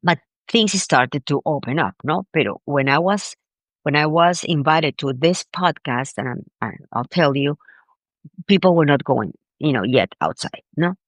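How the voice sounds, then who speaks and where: A woman being interviewed as a grief expert, telling a personal story in an animated, emphatic way and often repeating words. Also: sits low, normal speed, no echo. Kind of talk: conversational storytelling.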